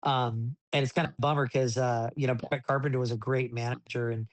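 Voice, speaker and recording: A man's voice: medium pitch, a little fast, no echo. Rambling man, dry close mic. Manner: rambling with frequent restarts, animated when retelling. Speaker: desert racing driver, podcast guest. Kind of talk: casual interview storytelling.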